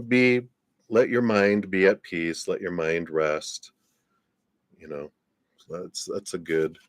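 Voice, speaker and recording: A man's voice: low-pitched, dry recording, studio quality. A man giving a live-stream tarot reading in a laid-back, rambling way, often laughing and trailing off. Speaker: tarot reader.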